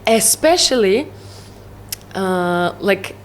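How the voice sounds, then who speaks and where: A psytrance producer, a woman whose native language is Russian, speaks with a Russian accent as a guest in a casual interview. At a medium pitch and with expressive delivery, she talks haltingly, searching for English words and laughing often, with slight background noise.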